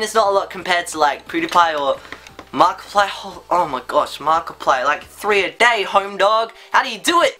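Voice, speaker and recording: A young man rambling in a casual vlog. He is sleepy and stutters and restarts often, yet gushes with excitement. His voice is bright and clear, with faint music behind him. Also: on the high side. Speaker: YouTuber.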